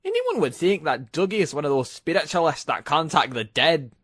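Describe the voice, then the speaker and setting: Man doing a high, jeering engine for a storybook, scornful and bright. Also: huge pitch swings, normal speed, dry recording, clean studio sound. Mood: mocking. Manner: teasing, scoffing. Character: mocking scornful male steam engine.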